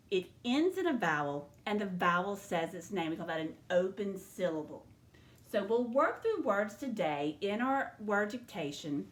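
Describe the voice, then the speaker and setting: A woman teaching a second grade phonics lesson, slowly sounding out syllables in a clear teacher voice. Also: mid-range voice, echoey room.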